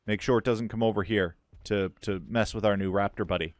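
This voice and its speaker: A man hosting a let's-play, talking through his game casually and swinging from hushed to loud excitement. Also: lowish voice, a little fast, no room sound. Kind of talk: casual gameplay commentary.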